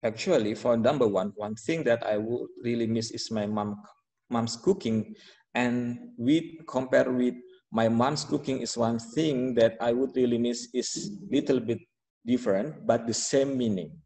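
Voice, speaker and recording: A man teaching an English lesson, explaining slowly with frequent fillers and restarts. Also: medium pitch, mellow, in a large hall, rough recording. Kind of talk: online classroom instruction.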